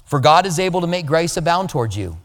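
Guy preaching, kinda high voice, lively, big echoey hall sound. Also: quick pace. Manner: animated, mimics voices of others. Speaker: pastor. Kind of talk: conversational sermon.

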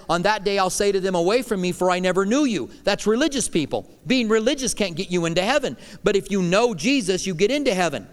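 Middle-aged male pastor, emphatic sermon delivery that rises loud and drops hushed, resonant voice, church hall reverb. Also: high voice, smooth. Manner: emphatic preaching, swinging between loud declarations and hushed lines.

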